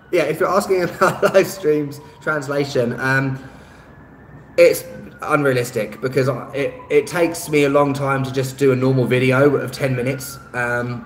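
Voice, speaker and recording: Reading viewer comments on a relaxed live stream, this man from England has a medium-pitched, fairly bright voice. He meanders, hesitates often with "um," and chuckles lightly; the room echoes, and traffic is faintly audible outside.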